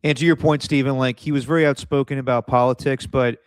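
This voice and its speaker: A man's voice: mid-range voice, fairly even intonation, quick pace, smooth, no echo. A man co-hosting a casual sports podcast, telling rambling anecdotes with plenty of fillers. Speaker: podcast co-host.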